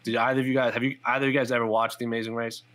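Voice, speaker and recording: A man's voice: medium pitch, level tone, very fast, fairly bright tone. A man co-hosting a podcast, chatting casually and trailing off with fillers. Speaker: podcast co-host. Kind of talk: casual chat.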